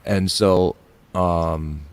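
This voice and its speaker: A man's voice: deep voice, steady tone, very slow, clear, resonant tone. A man who plays music, chatting casually on a live stream and telling a story with lots of fillers. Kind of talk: casual chat.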